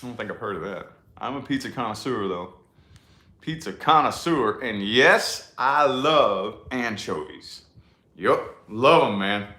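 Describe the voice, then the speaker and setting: A man, chatting casually and profanely to a live audience with a rambling, drawn-out delivery. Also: medium pitch, expressive, sharp tone. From New Albany, Indiana, USA. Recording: echoey room.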